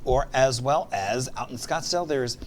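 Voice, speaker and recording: A man's voice: medium pitch, normal speed, slight background noise. A man co-hosting a morning show, chatting playfully and laughing often. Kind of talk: casual chat. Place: TV studio.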